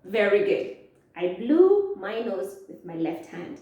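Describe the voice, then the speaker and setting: A woman's voice: medium pitch, sing-song, lo-fi sound. Woman teaching in an echoey room. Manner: slow, drawn-out, asks questions and answers them. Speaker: Islamic studies teacher. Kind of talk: teaching children step by step. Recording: echoey, from far off.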